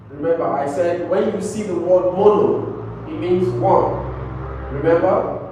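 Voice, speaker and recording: A man's voice: high-pitched, darkish tone. A man teaching an English class, repeating words and often checking with "right?". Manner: repetitive, checks understanding with "right?". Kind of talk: classroom lesson. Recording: very echoey room, mic far off, faint noise.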